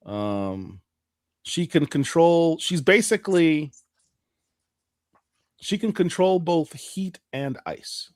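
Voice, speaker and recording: A man in his forties hosts a casual comics podcast, his pitch swinging lively up and down as he makes playful, emphatic points. The sound is close and dry, with no room around it. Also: slow pace, pauses often, no echo. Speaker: podcast host. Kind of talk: casual chat about comics news.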